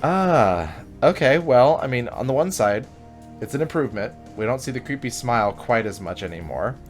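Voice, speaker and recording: A man's voice: mid-range voice, lively intonation, normal speed, soft background music. A man hosting a gaming video, chatting and joking as he plays and reads game text aloud. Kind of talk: let's play commentary.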